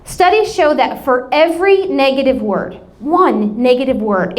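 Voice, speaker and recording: A woman's voice: high-pitched, animated, normal speed, hardly any pauses, a little mellow. A woman in her thirties with an American accent, a pastor preaching a sermon and telling a family story with laughing asides.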